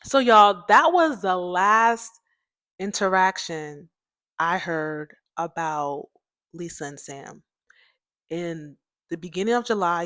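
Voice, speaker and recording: A young woman hosting a podcast, telling a personal story in a chatty, animated way, often laughing and speaking straight to her listeners. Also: on the low side, no echo, studio quality. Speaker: podcast host.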